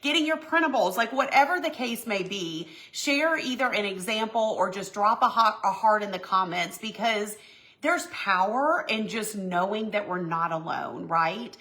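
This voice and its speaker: A woman hosting a casual live stream, with a bright, forward voice. She is emotional and effusive, and she gushes warmly over viewers' comments as she talks. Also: medium pitch, moderate pace. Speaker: home goods brand owner hosting a live stream. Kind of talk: casual live stream chat while signing.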